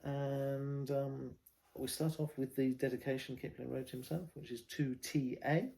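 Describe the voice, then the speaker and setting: A man's voice: mid-range voice, level tone, measured pace, creaky, dark tone. An English man with a Southern home-counties accent hosting a casual vlog about war poetry, talking in a rambling way with many ums and restarts. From England.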